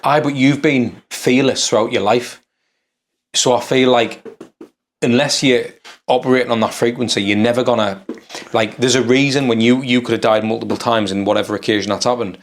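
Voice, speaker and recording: A man hosts a relaxed podcast interview. He reassures his guest and speaks casually. He calls him "mate" again and again. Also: medium pitch, brisk, a little hiss or hum. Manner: supportive, says "mate" often. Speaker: podcast host.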